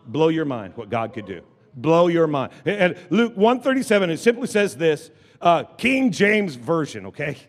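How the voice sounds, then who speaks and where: High-voiced preacher in reverberant church. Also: male voice, sing-song, moderate pace. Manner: call-and-response preaching, repeats phrases, many restarts. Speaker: pastor. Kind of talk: sermon. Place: church sanctuary with congregation.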